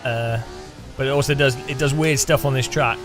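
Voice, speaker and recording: A man's voice: medium pitch, steady tone, normal speed, fairly bright tone, faint music behind. A man streaming a racing game, chatting casually and teasing his viewers with jokes. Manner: teasing, joking, chatty with restarts. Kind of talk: casual gameplay commentary.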